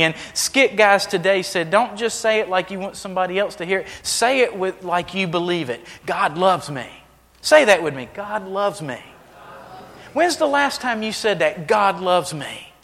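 A man preaching a sermon as pastor, swinging between hushed, intimate lines and loud, emphatic ones. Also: sits high, in a large hall. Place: church sanctuary.

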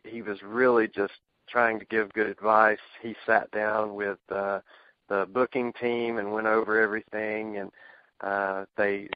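A man, a ring announcer, guesting on a radio talk show, telling anecdotes in a halting way with many restarts. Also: on the low side, no echo, lo-fi sound. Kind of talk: casual radio interview, storytelling.

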